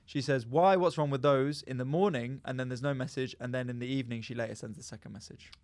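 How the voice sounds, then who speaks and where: A man's voice: mid-range voice, steady tone, quick pace, a little mellow, dry recording. A man hosting a casual podcast, reading listener texts aloud and chatting. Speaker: podcast host.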